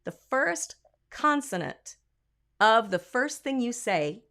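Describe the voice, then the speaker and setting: A woman's voice: fairly high pitch, big pitch swings, slow pace, fairly bright tone. A woman vocal coach giving a singing lesson, explaining technique and breaking into short sung and spoken examples.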